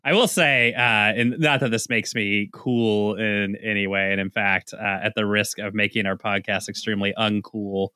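A man's voice: fairly low pitch, fairly even intonation, normal speed, hardly any pauses, bright, forceful tone, clean tone, no echo. A man co-hosting a podcast in casual chat, sardonic and laughing. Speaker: podcast co-host.

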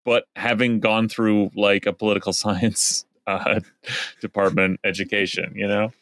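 A man with a slightly low voice talks in loose, rambling podcast chat. He swears freely and laughs often. The sound is dry and close to the mic. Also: little pitch movement, measured pace, a bit bright, no echo. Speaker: podcast co-host. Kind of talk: casual chat.

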